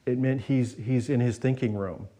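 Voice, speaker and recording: A man's voice: mid-range voice, steady tone, normal speed, warm tone. A man preaching a sermon as pastor, in a conversational way with frequent restarts and fillers. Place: church.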